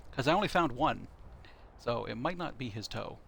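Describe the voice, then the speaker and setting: Male streamer, mid-pitched and gravelly, casual rambling play commentary. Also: lively intonation, normal speed, fairly bright tone, slight background noise. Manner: rambling, thinking aloud with many fillers. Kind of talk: casual commentary while playing. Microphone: console headset.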